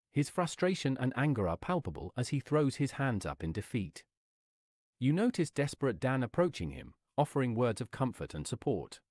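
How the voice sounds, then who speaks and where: A man reading an interactive adventure story aloud in a lively, sing-song storytelling manner. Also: mid-range voice, no room sound, studio quality.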